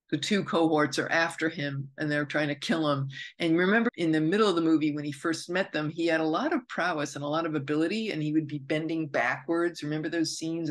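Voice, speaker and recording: A woman astrologer hosting her own podcast, talking unscripted in a meandering, reflective way, correcting herself and drifting into asides. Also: sits low. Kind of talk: unscripted spoken monologue.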